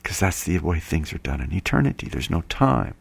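A man's voice: low voice, very animated, a little fast, gravelly, husky. A man giving a sermon-style talk, earnestly explaining passages he reads aloud. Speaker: preacher. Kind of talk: sermon-style spiritual reading commentary.

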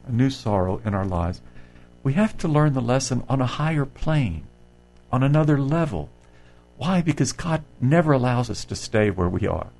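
A man's voice: on the low side, vocal fry, a little mellow, low-quality recording. A man giving a spiritual talk, reading passages from a devotional text and explaining them in a conversational way, with fillers and restarts. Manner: reads quotations aloud and comments, with fillers and restarts. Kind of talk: spiritual reflection.

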